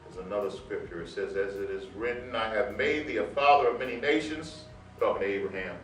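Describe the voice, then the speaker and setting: A man telling a personal story in a sermon, quoting scripture and building to loud proclamations. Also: fairly low pitch, fairly quick, hardly any pauses. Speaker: preacher. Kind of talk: sermon testimony. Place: church sanctuary. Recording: roomy sound from far off with music.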